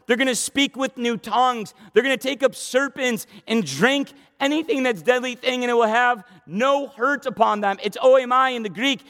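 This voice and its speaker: A man preaching a sermon with emphatic repetition, rushing through asides and slowing down to proclaim key lines. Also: extremely high pitch, a bit bright, long reverb tail.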